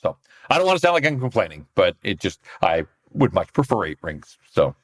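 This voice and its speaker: A man's voice: low voice, big pitch swings, a little fast. A man, co-hosting a hockey podcast in casual chat and telling stories with frequent laughs. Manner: chatty storyteller, laughs often. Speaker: podcast co-host, hockey reporter.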